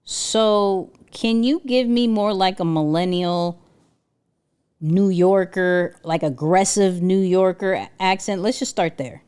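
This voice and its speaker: A young adult woman hosting a casual livestream, animated and exclaiming, often restarting her sentences. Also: fairly low pitch, slow pace, clear, resonant tone. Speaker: livestream host.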